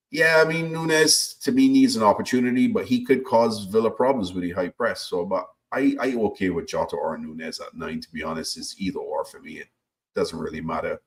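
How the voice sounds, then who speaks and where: A man from Barbados with a Barbadian accent, a co-host giving casual football opinions with frequent stammered restarts. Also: low-pitched. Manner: stammering restarts, talks his opinions through at length. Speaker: podcast co-host.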